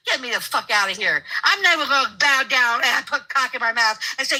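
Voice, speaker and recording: An older woman in a heated argument, shouting and cursing. Her voice sits high and cuts through sharply, with a bright, piercing edge. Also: brisk, few pauses, low-quality recording. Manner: profane, shouting, combative.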